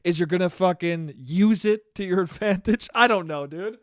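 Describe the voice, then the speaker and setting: A man's voice: high-pitched, moderate pace, no room sound, clean studio sound. A young man hosting a solo podcast, ranting in a profane, self-mocking way and acting out the voices in his head. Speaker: podcast host. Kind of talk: solo comedic monologue.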